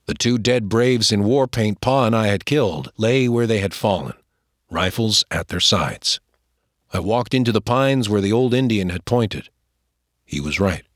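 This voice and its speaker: A man narrating a first-person frontier story, expressive and shifting voices for each character. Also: fairly low pitch, unhurried, no echo, clean studio sound. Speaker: audiobook narrator.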